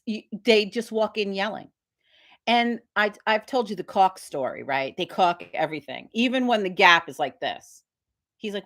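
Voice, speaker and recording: A woman's voice: medium pitch, fairly bright tone. A middle-aged woman hosting a casual live stream, rambling and swearing as she tells a story with quoted voices. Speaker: host of a live witch community stream. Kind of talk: casual livestream chat.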